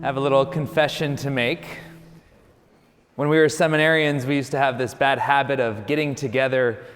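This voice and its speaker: A man, a Catholic priest, preaching a homily in a relaxed, storytelling way, often adding "you know". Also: medium pitch, fairly quick, long reverb tail, soft background music.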